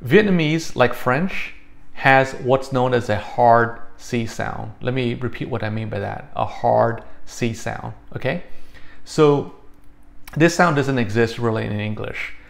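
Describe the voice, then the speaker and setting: A man's voice: medium pitch, unhurried, creaky. A man teaching a casual language lesson, explaining patiently and often checking in with "all right?".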